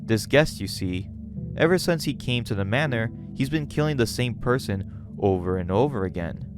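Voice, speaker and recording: A man voicing a calm, scheming male serpent who guides a girl through a manor, with smooth, measured speech. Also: mid-range voice, music in the background, lightly acted.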